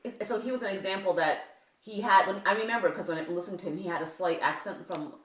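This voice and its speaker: A woman and mother talking at a home breakfast table, animated and rambling with many restarts. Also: mid-range voice, fast talker, distant mic, a crowd in the background. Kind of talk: casual breakfast table chat. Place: home kitchen at a holiday breakfast. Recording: echoey room, a bit off mic, light noise.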